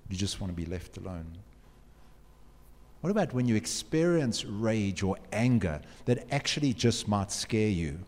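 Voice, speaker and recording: Brief: man, motivational speaker, earnest and direct, low and mellow, echoing hall. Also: animated, unhurried. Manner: earnest, direct, asks the audience questions. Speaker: speaker addressing students. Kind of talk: motivational talk. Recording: long hall reverb.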